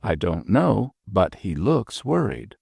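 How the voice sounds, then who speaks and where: A man's voice: on the low side, sing-song, slow, vocal fry, darkish tone, slightly rough, dry recording, full character voice. Man voicing a demure young lady. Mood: earnest. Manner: demure, earnest. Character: demure, gentle young woman, the captain's fiancée.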